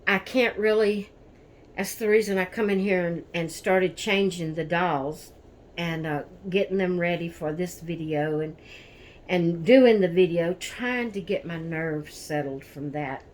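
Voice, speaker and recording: A woman chatting slowly to her camera, circling back over the same words and calling her viewers guys. She sounds shaken and close to tears as she talks about her dolls. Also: fairly low pitch. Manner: rambling, repeats herself, talks to viewers as guys. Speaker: doll collector vlogger. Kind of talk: casual chat to camera.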